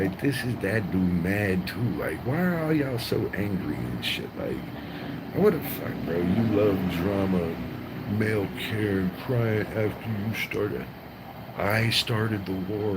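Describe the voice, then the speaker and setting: A man's voice: low-pitched, animated, measured pace, very noisy. A man livestreaming, taunting and mocking people in a profane, trash-talking rant.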